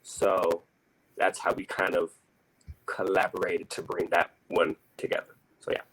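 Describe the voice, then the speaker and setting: A man with a very low voice talks over a video call about his choir's creative process. He is thoughtful and halting, pausing often to find his words. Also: completely flat delivery, fairly bright tone, breathy edge, poor audio. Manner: thoughtful, halting, many fillers. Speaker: choir singer. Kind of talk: casual reflective explanation.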